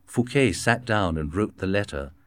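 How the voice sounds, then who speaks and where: Low-voiced male storybook narrator. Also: lively intonation, moderate pace, no room sound. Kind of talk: scripted narration.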